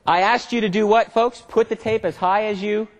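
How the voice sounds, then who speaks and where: A fairly high-pitched man delivers a motivational seminar to a live audience, joking around and firing questions back at the room. His voice rings out with a long reverb tail from the lecture hall. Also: fairly even intonation, moderate pace. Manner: playful, keeps quizzing the audience. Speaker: management consultant giving a seminar.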